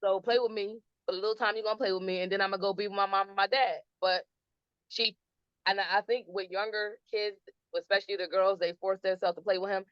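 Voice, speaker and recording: A woman's voice: mid-range voice, steady tone, fast talker, clear, resonant tone, dry recording. A woman guest telling stories about her family in a casual podcast chat. She laughs often and acts out what others said. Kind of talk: casual storytelling interview. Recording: dull lo-fi dry sound.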